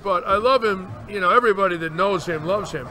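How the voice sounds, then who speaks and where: A man's voice: high-pitched, quick pace. Guy in his 60s yarning away, acts out what people said, noisy recording. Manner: animated storyteller, acts out quotes. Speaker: bowling commentator. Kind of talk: storytelling in casual chat. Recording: noticeable background noise.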